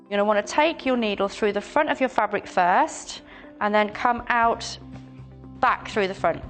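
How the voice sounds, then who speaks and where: A woman walks through a hand-stitching technique step by step in a calm, explanatory way. Faint music plays underneath her. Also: mid-range voice, normal speed. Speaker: sewing demonstrator.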